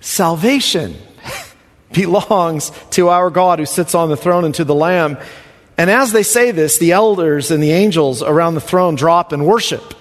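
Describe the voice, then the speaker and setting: A man preaching a sermon as pastor, swinging from soft, quiet passages to loud emphatic lines. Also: on the high side, measured pace, in a large hall.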